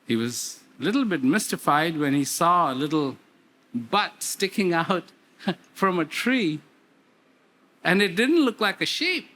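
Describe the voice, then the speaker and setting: A man giving a talk, telling a parable slowly with emphatic repetitions. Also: a little high, animated, sharp tone, slight background noise. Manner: slow, repetitive, emphatic storytelling. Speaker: speaker. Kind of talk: storytelling talk.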